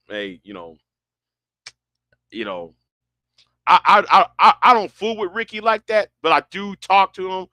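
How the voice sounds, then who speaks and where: A man's voice: high voice, lively intonation, measured pace, pauses often, sharp tone, no room sound. A man chatting casually and rambling, often stumbling and restarting his words, with a broad sound. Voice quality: stammering, many restarts. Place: Houston, Texas.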